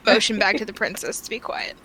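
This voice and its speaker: A woman's voice: mid-range voice, fairly even intonation, fast, bright, forceful tone, a little hiss or hum, rough recording. A woman player at a tabletop game, chatting casually and joking around on a voice call. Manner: joking and playful.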